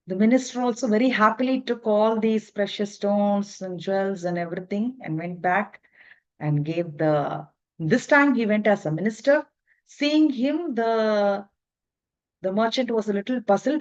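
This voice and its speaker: A woman teacher telling a story in a relaxed, halting way with restarts, on a dull lo-fi recording. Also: mid-range voice. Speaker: spiritual teacher. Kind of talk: storytelling in a lesson.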